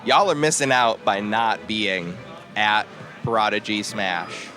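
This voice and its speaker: A man commentating a live fighting game match, chatty and quick to laugh. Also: fairly low pitch, over music.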